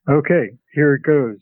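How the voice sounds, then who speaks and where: Older guy telling a story slow, gravelly, tinny phone sound, dry. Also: fairly high pitch, no echo. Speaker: guest, scholar. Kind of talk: interview, storytelling. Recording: phone-like line.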